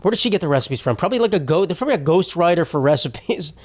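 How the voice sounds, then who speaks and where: A man's voice: fairly high pitch, expressive, racing. A young man hosting his own podcast, rambling through a casual comedic solo rant, swearing freely and cutting himself off mid-thought. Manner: rambling, jokey, swears freely, self-interrupting. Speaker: podcast host.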